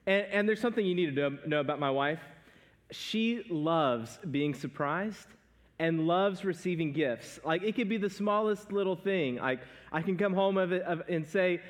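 A man's voice: sits high, animated, normal speed, a bit bright. Man preaching in a reverberant hall. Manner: conversational storytelling with laughs. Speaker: pastor. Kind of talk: sermon. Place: church sanctuary stage. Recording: long reverb of a church hall.

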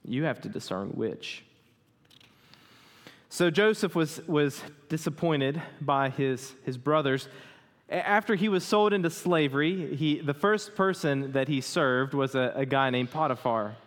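A man's voice: a little high, animated, a little slow. A man in his thirties, a pastor preaching a sermon in a conversational way, often asking the congregation questions. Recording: hall reverb.

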